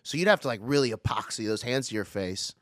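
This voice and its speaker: A young man co-hosting a podcast, chatting loosely and laughing often through dark banter in a small studio. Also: mid-range voice, animated, quick pace, no room sound. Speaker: podcast co-host. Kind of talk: casual chat.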